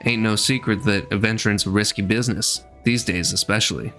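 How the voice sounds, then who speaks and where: A man's voice: on the low side, fairly even intonation, brisk, sharp tone, faint music behind. A man doing a folksy old-world ship merchant. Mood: chatty. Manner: homely, colloquial, slightly clumsy put-on accent. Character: chatty male sailor-merchant with a rough folksy brogue.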